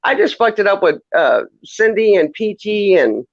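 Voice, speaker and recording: A man's voice: high voice, big pitch swings, normal speed, no echo. A man calling in to a casual chat show, rambling and flustered, stammering over restarts and swearing often. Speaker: caller. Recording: dull lo-fi call audio.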